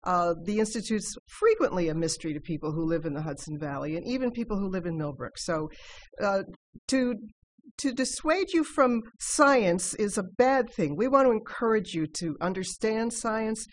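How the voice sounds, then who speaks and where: Woman radio guest, earnest pitch, light background hiss. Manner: earnest, promotional, with many uh fillers. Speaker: guest, development officer.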